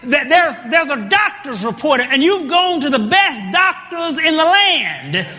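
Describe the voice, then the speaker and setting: Male preacher, very high and bright voice, slow emphatic delivery that rises to shouts, long hall reverb. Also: big pitch swings. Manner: emphatic, rising to shouted points with repeated words. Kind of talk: sermon with scripture reading.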